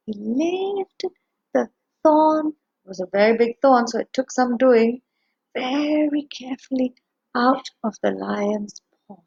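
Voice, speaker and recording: A woman narrating a children's story aloud in a slow, expressive way, dropping to a hush at tense moments. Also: fairly high pitch, creaky, breathy edge. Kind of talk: gentle read-aloud storytelling. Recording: dull lo-fi recording.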